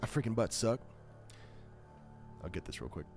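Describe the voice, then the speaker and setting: A man with a low, smooth, buttery voice hosts a live stream of spooky story readings. He jokes about himself between stories, and his pitch swings widely as he talks. Faint music plays underneath. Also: moderate pace. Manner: self-deprecating, joking, animated.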